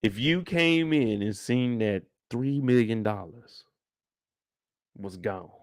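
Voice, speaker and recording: A young man hosting a casual live after-show, talking in loose slang and acting out reactions with sudden loud outbursts. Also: medium pitch, takes it slowly. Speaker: host.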